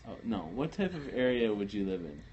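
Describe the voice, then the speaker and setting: A man's voice: lowish voice, very animated, fairly quick, a little mellow, muffled recording, a little hiss or hum. A man co-hosting a late-night livestream, casually chatting, joking and teasing. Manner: joking, teasing, laughs a lot. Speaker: livestream co-host.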